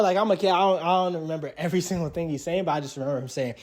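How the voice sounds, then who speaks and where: A man's voice: on the high side, racing, few pauses. A young man casually telling a personal story, rambling and full of fillers like "like" and "literally". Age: young adult.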